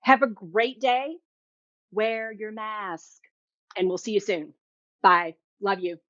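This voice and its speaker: A woman's voice: medium pitch, steady tone, takes it slowly, fairly bright tone, no echo, lo-fi sound. A woman hosting a live cooking demo, chatty and enthusiastic, tasting food as she talks. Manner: chatty and enthusiastic, tastes while talking. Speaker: cooking show host.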